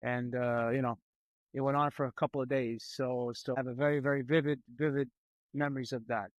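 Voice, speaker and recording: A man speaks earnestly in a relaxed panel chat, stumbling and repeating words as he goes. His voice is of middle pitch. The sound is dry and close to the mic. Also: fairly quick, no echo, highs cut off. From New York, USA. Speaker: guest, film director. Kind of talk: casual panel conversation.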